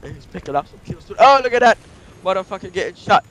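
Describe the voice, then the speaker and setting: A man's voice: high voice, animated, fast, fairly bright tone, highs cut off. A man commenting on gameplay, telling a rambling comic story, profane, saying "you know" constantly in broken grammar.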